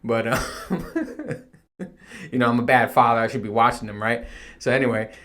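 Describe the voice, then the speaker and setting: A man's voice: medium pitch, normal speed, a bit bright. A man hosting his podcast from home, chatting casually in a rambling, profane way and laughing at himself. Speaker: podcast host. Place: home room. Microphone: home recording setup.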